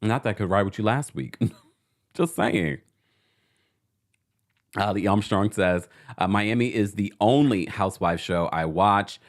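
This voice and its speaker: A man hosting a livestream recap of a reality show, talking in a sassy, animated way and addressing the cast members directly. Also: lowish voice, unhurried, pauses often. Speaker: podcast host.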